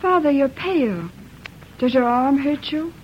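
An actress playing a sweet, affectionate young bride in an old radio drama, speaking in a doting, drawn-out way. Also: female voice, high voice, expressive, a little hiss or hum. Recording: muffled old radio recording.

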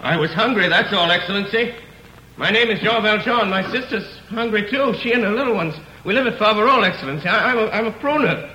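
A man's voice: sits high, fast talker, sharp tone, roomy sound, long reverb tail, highs cut off, slight background noise, pitched above the performer's own voice. A man playing a poor young peasant in an old radio drama, pleading and stammering before a court.

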